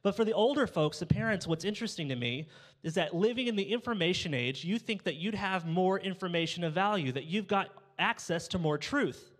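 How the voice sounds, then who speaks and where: A man's voice: high-pitched, expressive, brisk. A young man preaching a sermon as pastor, telling funny family stories and acting out the dialogue. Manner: humorous storytelling, acts out dialogue. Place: church sanctuary. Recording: church hall reverb.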